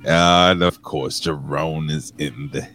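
A man co-hosting a casual podcast, joking loudly and giving shout-outs to viewers in the chat. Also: a bass voice, steady tone, takes it slowly, soft background music. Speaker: co-host.

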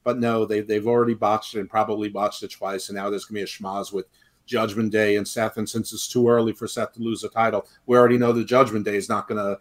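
A man's voice: lowish voice, flat delivery, quick pace. A man co-hosting a wrestling podcast, talking in a rambling, emphatic way and criticizing the show. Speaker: podcast co-host. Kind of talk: casual wrestling talk.

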